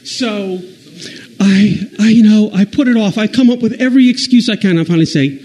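A man telling a rambling, self-deprecating stand-up story with many halting restarts. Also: high-pitched, a little mellow, rough recording. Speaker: comedian.

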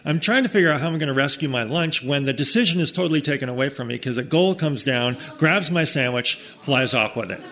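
Middle-aged male storyteller, chatty and mid-pitched, with aside-heavy delivery. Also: fast, hardly any pauses, a little hiss or hum. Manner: conversational, frequent "okay?" asides, lively quoted voices. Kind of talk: told personal story.

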